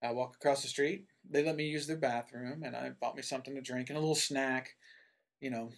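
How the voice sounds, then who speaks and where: A man's voice: mid-range voice, fairly even intonation, fairly quick. Rambling man telling a story. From Tennessee. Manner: rambling, with many asides and fillers. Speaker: guest telling a personal story. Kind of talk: casual storytelling.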